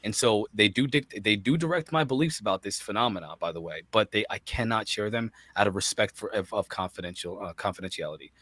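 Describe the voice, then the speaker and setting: A man hosting a casual livestream chat, effusive and quick to thank his guest. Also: on the low side, fairly bright tone, no room sound. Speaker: livestream host.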